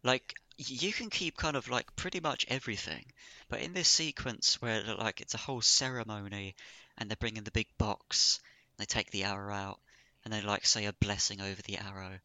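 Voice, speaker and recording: A man's voice: lowish voice, moderate pace, pushed and bright, no echo. A man chatting casually about a film as podcast co-host, rambling and joking with lots of "like". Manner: rambling, loose, joking, frequent "like". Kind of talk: casual film commentary chat.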